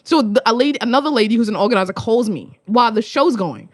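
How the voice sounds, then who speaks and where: A young woman from Australia, a spoken word poet, telling stories in a casual conversation, animated and swearing freely. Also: on the high side, quick pace, no room sound, studio quality. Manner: animated, swears freely, acts out voices in anecdotes.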